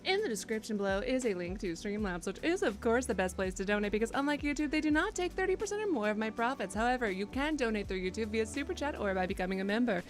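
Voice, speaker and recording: A woman in her twenties chatting casually to her live-stream audience, rambling and self-mocking, with sudden loud excited bursts. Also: fairly high pitch, quick pace, hardly any pauses. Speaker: game streamer. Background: faint background music.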